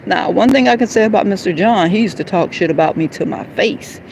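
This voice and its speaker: A woman in an emotional, rambling live-stream monologue, heated and confrontational at times, then soft and apologetic. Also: mid-range voice, fairly quick, gravelly, noisy background. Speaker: livestreamer.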